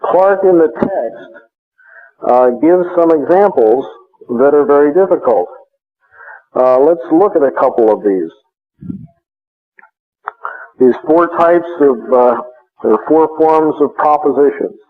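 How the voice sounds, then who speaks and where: A man giving a measured classroom lecture, explaining step by step with frequent hesitations. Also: on the high side, animated. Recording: tinny phone-like recording.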